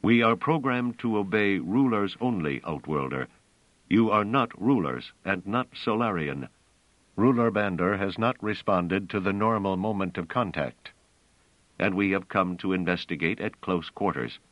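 A man voicing a cold, incisive male guardian robot that speaks in flat, commanding, formal sentences in an audiobook. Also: low voice, unhurried, no room sound, highs cut off.

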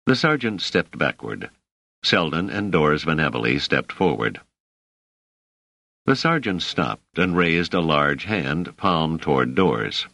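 A man narrates a novel in a very low voice with lively, expressive intonation. His delivery is measured and storyteller-like. The recording is dry and close. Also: creaky, no room sound. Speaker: audiobook narrator. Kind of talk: scripted narration.

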